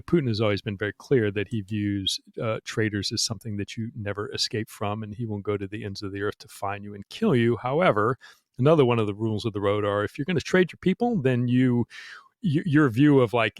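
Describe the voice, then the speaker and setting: A middle-aged man with a fairly low voice talks in a loose, rambling way, leaning on "you know" and restarting his sentences. The sound is dry and close, with no room around it. He comes across as a frank guest in a casual interview. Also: no echo. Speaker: guest, former counterintelligence agent.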